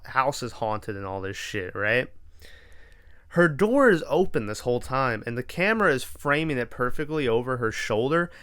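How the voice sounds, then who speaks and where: A man's voice: medium pitch, a bit bright, clean tone, no room sound, studio quality. A man hosting a podcast, casually retelling a horror film with lots of swearing and quoted reactions. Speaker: podcast host. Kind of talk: casual movie recap.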